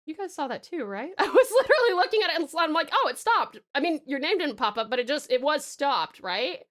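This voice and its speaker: A woman's voice: high-pitched, big pitch swings, brisk, fairly bright tone. A woman with an Australian accent, streaming live, chatting casually and giggling, calling her viewers pet names. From Tasmania, Australia. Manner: bubbly, giggly, showers chat with pet names.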